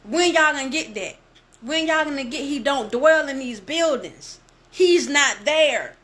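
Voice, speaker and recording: A woman reading scripture aloud and preaching with passion, speaking straight to her listeners and slowing down to stress key phrases. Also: high-pitched, expressive, fairly bright tone. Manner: impassioned, addresses listeners directly. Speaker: bible teacher.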